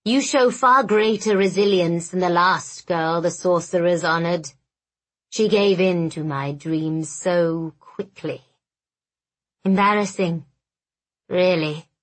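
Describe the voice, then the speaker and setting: A woman voicing a hideous male villain who speaks slowly and soothingly with quiet contempt. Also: fairly low pitch. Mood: silky, menacing. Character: hideous male villain luring a captive girl. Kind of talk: audiobook character voice.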